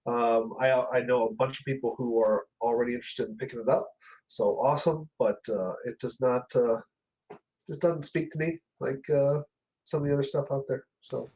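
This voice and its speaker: A man's voice: mid-range voice, fairly even intonation, normal speed, a little mellow. A man with a mid-range voice chatting as a podcast co-host, hesitant and full of fillers. His audio sounds dull and lo-fi, like a remote call. He laughs easily. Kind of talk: casual chat.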